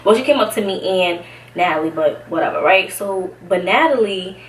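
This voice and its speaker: A young woman from Brooklyn tells a casual storytime vlog in a chatty, slangy way. She sounds a little out of breath. Her voice sits at a middling pitch and comes across an echoey room from a short distance. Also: lively intonation, normal speed. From Brooklyn, New York. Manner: chatty, slangy, laughs often. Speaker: vlogger. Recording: echoey room, somewhat far from mic, faint hiss.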